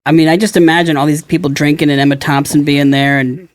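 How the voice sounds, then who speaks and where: A man's voice: a little high, steady tone, quick pace, dry recording. A man co-hosting a podcast, musing in casual chat and often searching for words. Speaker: podcast co-host.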